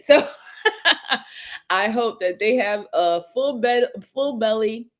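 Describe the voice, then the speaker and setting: A middle-aged woman hosting a casual livestream, giving heartfelt shout-outs to her viewers and turning emotional at times. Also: slow. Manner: warm shout-outs, rising to high excited greetings. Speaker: livestream host.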